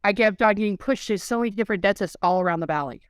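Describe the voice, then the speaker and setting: Racing through her words in a mid-range voice, a woman guest tells a podcast interviewer about her experience getting dental implants. She comes across as an earnest, emotional storyteller, and the studio-quality recording is dry.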